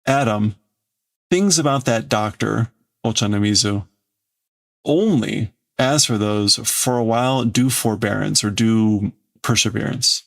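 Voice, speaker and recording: A man's voice: on the low side, a little slow, creaky. A man hosting a stream, translating a comic aloud word by word, hesitant and full of fillers. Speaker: livestream host translating manga.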